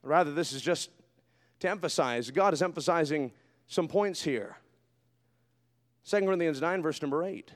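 A man preaching a sermon as pastor in a church, swinging between quiet asides and shouted fervor. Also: a little high, normal speed, pauses often. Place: church sanctuary. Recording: long hall reverb.

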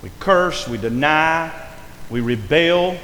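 Speaking slowly and expressively, a man delivers a sermon in a fairly bright voice on the high side. His preaching cadence rises and falls as he often stresses words, captured in an echoey hall with long reverb and faint noise.

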